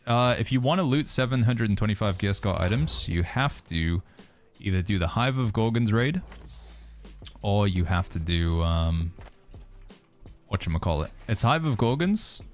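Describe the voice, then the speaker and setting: A man from the United Kingdom with a British accent that leans American, chatting casually on a game livestream, reading out and answering chat. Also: deep voice. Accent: British, mixed with American. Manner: relaxed, reads chat messages aloud and answers them. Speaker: streamer.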